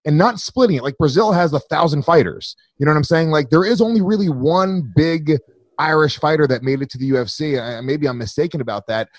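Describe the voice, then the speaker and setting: A man hosting a podcast, asking questions in a quick, sweary, casual way. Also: a little high, no room sound. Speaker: podcast host.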